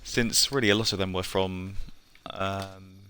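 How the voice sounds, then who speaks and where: A man's voice: low-pitched, steady tone, unhurried, bright, forceful tone, a little hiss or hum. A young English man streaming a game, chatting casually in a rambling way with frequent chuckles and fillers. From England. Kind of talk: casual live-stream chat while playing.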